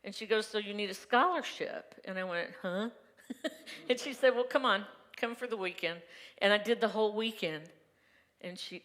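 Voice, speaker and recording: The voice belongs to a woman on the low side with a fairly bright tone. She's a minister preaching a personal testimony sermon on Sunday, frank and conversational, laughing frequently, and the sanctuary hall makes the recording reverberant.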